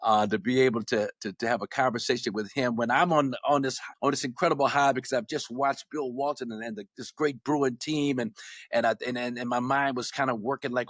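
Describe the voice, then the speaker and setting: Older guy from LA telling hoops stories, lively, stumbles over words a lot, dry close mic. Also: medium pitch, fairly quick, no room sound. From Los Angeles. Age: 60s. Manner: animated, repeats words and restarts often. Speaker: podcast guest, former basketball player. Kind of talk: casual storytelling.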